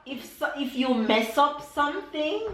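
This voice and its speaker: A woman's voice: high voice, animated, measured pace, echoey room, heavy background noise. A woman with a Jamaican accent, vlogging casually from her home kitchen and teasing her partner. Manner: chatty, teasing, playful.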